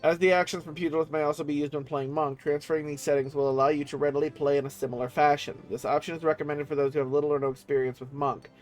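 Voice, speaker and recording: A young male game streamer chatting casually, swearing freely, and joking as he reads the on-screen text. His voice sits a bit high, with faint game music underneath. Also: level tone, fast, hardly any pauses. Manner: profane, joking, often laughing, reads game text aloud. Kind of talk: casual gaming livestream commentary.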